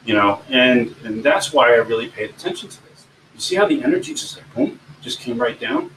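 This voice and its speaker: A man coaching people on giving presentations in an informal teaching talk, animated and often swinging his voice up and down. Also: mid-range voice, brisk. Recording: echoey room, distant mic, faint background hum.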